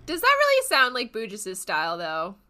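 A woman's voice: fairly high pitch, wildly swooping pitch, normal speed, pushed and bright. A woman co-hosting a casual podcast, recapping a game playthrough in a chatty way with dry, wry asides. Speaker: podcast co-host.

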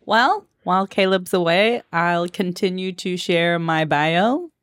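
A woman's voice: fairly low pitch, slow, smooth. A young adult woman co-hosting a podcast, chatting playfully and a little hesitantly. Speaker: podcast co-host, music teacher. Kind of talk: casual chat.

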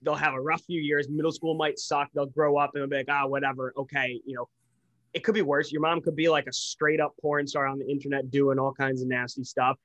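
A man's voice: on the high side, little pitch movement, a little fast, few pauses, fairly bright tone, dull audio. A man co-hosting a podcast in casual chat, ranting bluntly and swearing freely. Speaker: podcast co-host.

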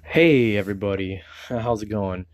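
A man's voice: on the low side, normal speed, background noise. Rambling, cursing man hosting a podcast. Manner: rambling and loose, swears freely; self-conscious, thinks out loud. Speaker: solo podcast host. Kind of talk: casual solo podcast chat.

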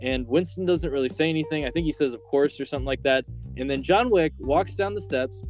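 A man's voice: on the high side, darkish tone, faint music behind. A man hosting a podcast, casually retelling a film's ending in a rambling way and quoting lines as he goes. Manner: rambling, retells scenes with quick quoted lines. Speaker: podcast host. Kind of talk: casual movie recap chat.

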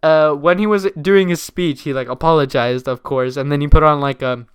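A man's voice: fairly high pitch, normal speed, clear, resonant tone, dry recording. Young guy podcasting solo, swears a lot, says like constantly, dry close sound. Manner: casual, swears freely, lots of "like" fillers. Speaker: podcast host. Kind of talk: casual solo commentary.

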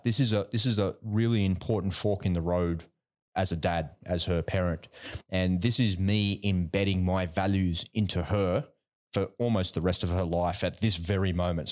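A man's voice: sits low, fairly even intonation, moderate pace, a little mellow. A middle-aged man in a casual podcast chat, telling personal stories in a conversational way. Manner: storytelling, conversational.

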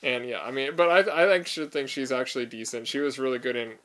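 A man's voice: mid-range voice, fast talker, fairly bright tone. A man co-hosting a laid-back podcast. His voice sits in an ordinary middle range. He teases the others and argues cheerfully, breaking into laughter. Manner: teasing, argumentative, laughs often. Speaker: podcast co-host. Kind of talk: casual movie chat.

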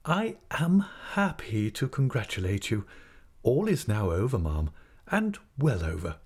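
A man voicing a mild, timid village doctor who speaks in a soft, placating way. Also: mid-range voice, huge pitch swings, unhurried, slightly rough, exaggerated voice. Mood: meek placating.

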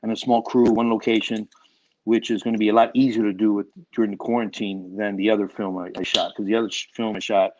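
A filmmaker guest chatting casually in an interview, rambling through animated stories with lots of restarts. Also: male voice, on the low side, fast, muffled recording.

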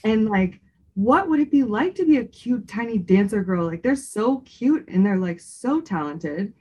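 A woman co-hosting a podcast, chatting casually in an expressive way, with lots of "like". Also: medium pitch, measured pace, breathy edge. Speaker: podcast co-host. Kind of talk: casual chat.

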